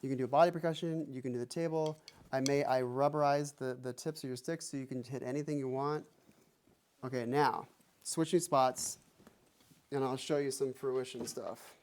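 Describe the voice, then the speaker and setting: A man gives a drum lesson, counting the beats out loud while playing and explaining things in plain terms. His steady, mid-range voice moves at a normal speed, with a slight hiss or hum on the recording and the kit loud behind him in the music room.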